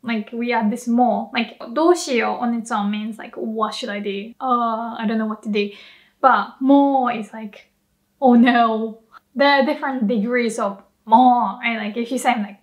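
A woman's voice: a little high, measured pace. A young Japanese woman with a Japanese accent, giving a playful, casual language lesson and acting out animal sounds with frequent laughter. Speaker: language teacher.

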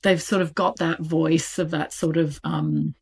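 A woman with a British accent speaks as a guest in an interview. She talks in a loose, chatty way, full of fillers and quick laughs, with a slightly low voice. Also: fairly even intonation, gravelly, darkish tone, breathy edge. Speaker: audiobook publisher, interview guest. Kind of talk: casual interview talk.

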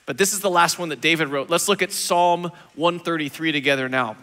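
A man who is a lead pastor, preaching a sermon in a church in an energetic, conversational way. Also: fairly high pitch, quick pace, few pauses, in a large hall. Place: church sanctuary.

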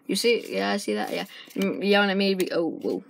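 A woman casually chatting through an unboxing, excitable and rambling as she thinks aloud, recorded on a camera's built-in mic. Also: medium pitch, brisk, creaky. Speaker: vlogger unboxing puzzle cubes. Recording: noisy amateur camera recording.

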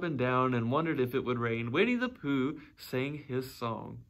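A man reading a children's storybook aloud in an expressive, gently animated way. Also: mid-range voice, a little slow, hardly any pauses.

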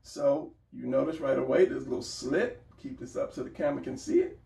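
Male art teacher, casual and encouraging, gravelly, recorded off-mic in an echoey room. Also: medium pitch, sing-song, a little fast, dark tone. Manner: encouraging, talks while sketching, repeats phrases. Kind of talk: casual drawing tutorial. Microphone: camera mic at a distance. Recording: roomy, distant camera mic.

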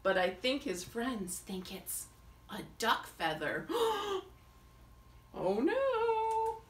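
A woman teacher reading a picture book aloud with lively, expressive rises and falls, stopping to ask her young listener questions. Her voice is high and bright. The recording sounds echoey, with the mic some way off. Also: slow, far from the mic. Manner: animated, asks the listener questions.

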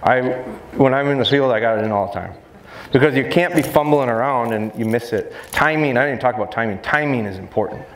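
A male dog trainer giving a live seminar talk in an animated, jokey, hands-on way. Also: mid-range voice, fairly quick. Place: expo seminar hall. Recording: echoey hall, faint background noise.

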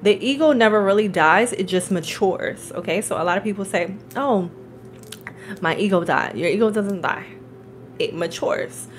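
A woman's voice: mid-range voice, normal speed, faint music behind, poor audio. Chatty woman tarot reader. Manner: chatty and animated, laughs often, checks in with "okay?" and "all right?". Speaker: tarot reader and spiritual coach. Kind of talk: casual tarot reading with storytelling.

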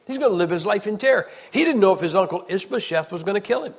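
A man preaching a sermon with emphatic rhetorical questions, swinging from loud declarations to hushed storytelling. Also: high voice, expressive, fast talker, slightly rough. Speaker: evangelist preacher. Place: large church hall. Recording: long hall reverb.

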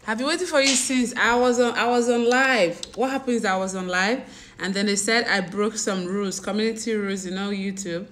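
A woman's voice: mid-range voice, a little fast, a bit bright, a little hiss or hum. A woman with a Nigerian accent chatting casually with her livestream viewers, mixing in pidgin and laughing often. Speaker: livestream host. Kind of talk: casual live chat with viewers.

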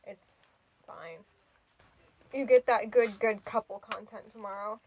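Slow, fang-slurred cosplay vlogger. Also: mid-range voice, steady tone. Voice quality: slightly slurred speech from costume fangs. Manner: chatty, laughs often, trails off. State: tired from an early start. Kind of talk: casual vlog chat. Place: indoors at home, setting up a photoshoot.

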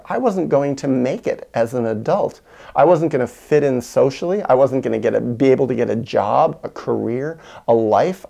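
A man recounting a childhood story in a reflective monologue, acting out quoted lines with whispers and bursts of higher pitch. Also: gravelly, warm tone. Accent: American. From United States. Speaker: video essayist on parenting.

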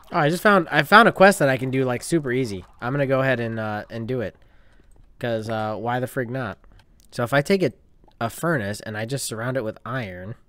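Guy rambling through his game, mid pitch, thinks out loud, flares up in fake anger at times. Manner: chatty, talks to himself, bursts into mock rage. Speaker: gaming channel host. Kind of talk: casual let's-play commentary.

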